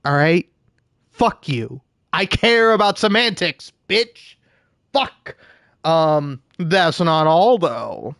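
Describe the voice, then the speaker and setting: A man's voice: fairly high pitch, lively intonation, takes it slowly, a bit bright, no echo, studio quality. A man giving profane, ranting gameplay commentary, often laughing at his own jokes. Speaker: gameplay streamer.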